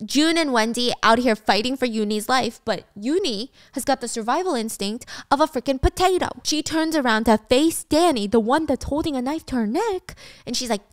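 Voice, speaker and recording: Smooth-voiced woman telling a story. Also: high voice, expressive, moderate pace, no echo, clean studio sound. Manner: casual, wry asides. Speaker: storytime podcast host. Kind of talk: dramatic storytelling.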